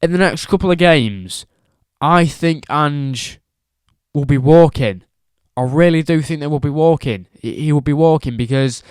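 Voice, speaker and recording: A man's voice: a little high, smooth, dry recording, studio quality. A man giving a casual football opinion rant as a vlogger, emphatic and repetitive, firing off rhetorical questions.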